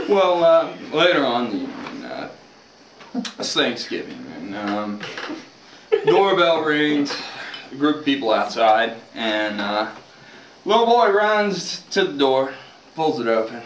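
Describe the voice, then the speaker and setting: A man's voice: medium pitch, big pitch swings, measured pace, pauses often. A man telling a long joke aloud, hesitant and chuckling through the story in a classroom. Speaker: joke teller. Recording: roomy, distant, noisy room recording.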